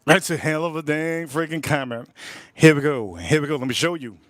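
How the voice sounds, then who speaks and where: A man hosting a casual livestream, talking to his chat in an animated way and repeating his phrases. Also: a little high, a little fast, noisy background. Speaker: livestream host.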